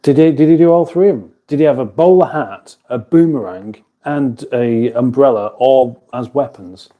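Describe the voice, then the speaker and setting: A livestream host chats loosely from his home kitchen, reading out viewer comments, chuckling often and cutting off his own sentences as he rambles. His voice is mid-range at normal speed, with narrow, tinny audio.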